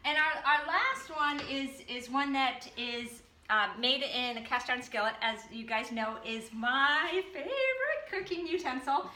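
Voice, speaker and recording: A woman from the Boston area hosts a laid-back cooking demo with a high, bright voice. She gives easygoing healthy-eating advice and fills her pauses with ums. The room around her sounds noticeably echoey. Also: slight background noise. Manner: relaxed, advice-giving with frequent ums. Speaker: health program host.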